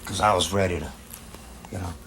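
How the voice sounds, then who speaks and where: A man, a band musician, answering in a candid TV interview, halting and full of fillers and restarts. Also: sits low, fairly even intonation, a bit bright, a little hiss or hum, rough recording.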